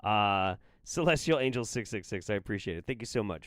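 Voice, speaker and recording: A man's voice: fairly low pitch, lively intonation, brisk, fairly bright tone, dry recording, clean studio sound. A middle-aged man hosting a casual livestream, reading viewer messages with an irreverent, profane, laughing manner. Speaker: livestream host reading superchats.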